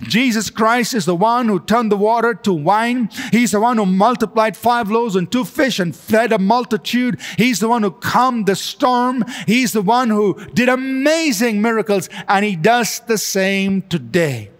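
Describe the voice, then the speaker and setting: High-voiced man preaching in a hall. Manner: slow, drawn-out preaching with emphatic rises. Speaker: pastor. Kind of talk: sermon with altar call prayer.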